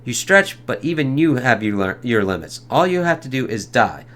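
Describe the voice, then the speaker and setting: A man's voice: mid-range voice, very animated, moderate pace, a bit bright. A man voicing a smug, boastful male villain inventor who gloats and sneers. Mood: gloating.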